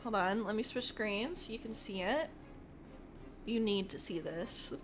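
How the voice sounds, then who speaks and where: A woman's voice: medium pitch, unhurried, music in the background. A woman streamer chatting casually with her viewers, chatty and giggly. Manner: chatty, giggly, addresses chat. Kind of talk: casual livestream chat.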